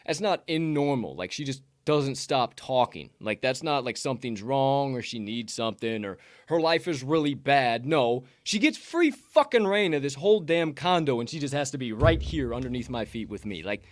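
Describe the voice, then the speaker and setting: A man from Chicago hosting a casual betting podcast at home, excitable and rambling, swearing freely and breaking off to scold his cat. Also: mid-range voice, normal speed, hardly any pauses, dry recording, clean studio sound. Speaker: sports betting podcast host. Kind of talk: casual solo live-stream talk. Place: home condo.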